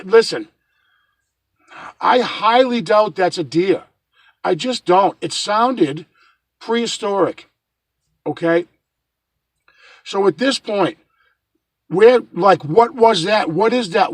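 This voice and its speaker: A middle-aged man from New England casually recounting a night in the woods to his viewers, halting and often restarting his words. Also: on the high side, gravelly, no echo. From northern Massachusetts. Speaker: vlogger recounting a hike. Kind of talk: casual first-person storytelling.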